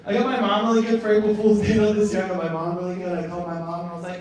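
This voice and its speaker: A man doing a stand-up routine on a comedy club stage, rambling, repeating himself and bursting into shouted punchlines. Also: sits high, little pitch movement, very fast. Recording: echoey club, distant mic, audience noise.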